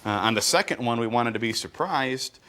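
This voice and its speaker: A man's voice: mid-range voice, fairly quick. A middle-aged man performing a stand-up comedy routine, telling stories with punchy asides. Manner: animated storytelling with punchy asides.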